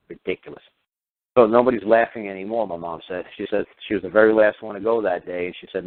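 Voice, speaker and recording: A man's voice: fairly low pitch, fairly even intonation, fast talker. A man delivering a heated radio rant, firing off combative rhetorical questions and swearing. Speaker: radio show talker. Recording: tinny phone-line radio audio.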